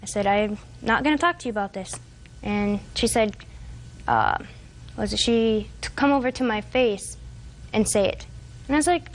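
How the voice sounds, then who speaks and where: Young woman testifying haltingly. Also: fairly high pitch. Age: 20s. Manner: halting, long retelling with fillers and restarts. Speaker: defendant. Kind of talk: courtroom testimony. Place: TV courtroom.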